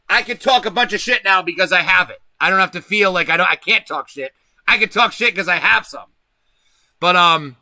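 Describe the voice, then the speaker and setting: Man hosting a livestream, high and piercing voice, dry close sound, preachy profane ranting. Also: pushed and bright, no echo. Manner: profane, emphatic, preaching to viewers. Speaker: livestream host. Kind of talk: ranting political livestream monologue.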